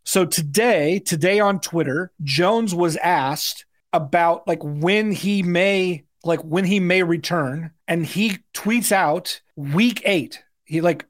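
A man's voice: sits high, slow pace, hardly any pauses. A man around forty co-hosting a sports podcast, talking loosely with lots of fillers and "like"s. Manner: loose and chatty, many fillers and "like"s. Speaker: podcast co-host. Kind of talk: casual sports podcast chat.

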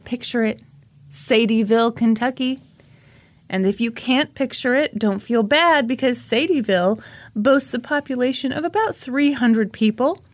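A woman's voice: on the high side, moderate pace. A woman co-hosting a casual true crime podcast, joking and laughing often. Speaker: podcast co-host.

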